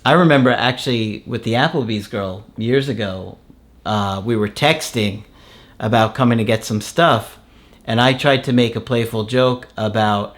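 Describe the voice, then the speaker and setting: A man chats easily as the host of a relationship-advice show. He tells stories in a loose, rambling way, full of fillers. His voice sits at an ordinary middle pitch. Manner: relaxed, storytelling with many fillers. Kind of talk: casual podcast chat.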